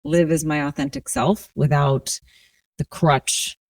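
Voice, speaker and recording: A woman in her forties from New Orleans, a resilience coach telling her personal story as a podcast guest in a slow, reflective, earnest way. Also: low-pitched, fairly even intonation, dry recording. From New Orleans, USA.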